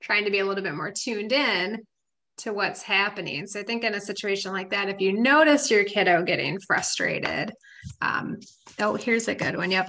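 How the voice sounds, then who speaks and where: A woman's voice: medium pitch, normal speed, bright, forceful tone. A woman chatting casually on a parenting webinar over a video call, laughing as she talks. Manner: chatty, laughs while talking.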